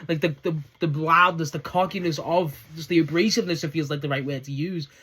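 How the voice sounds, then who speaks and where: A man's voice: a little high, fairly even intonation, brisk, fairly bright tone, breathy edge. A man giving a casual solo recap of a wrestling show, rambling enthusiastically and swearing now and then.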